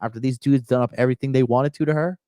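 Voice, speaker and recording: A man's voice: medium pitch, steady tone, very fast, mellow, no room sound, clean studio sound. A man hosting a reaction commentary, talking bluntly and scolding, often repeating a phrase several times for emphasis. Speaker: host of a dating advice channel.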